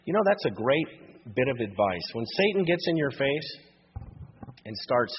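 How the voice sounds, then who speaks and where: A man preaching verse by verse, reading the scripture and then putting it into plain modern words. His voice is a bit husky, and it sits in a long, ringing reverb. The whole thing sounds like an older, muffled radio broadcast. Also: mid-range voice, very animated, measured pace. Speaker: pastor. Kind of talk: verse-by-verse Bible teaching.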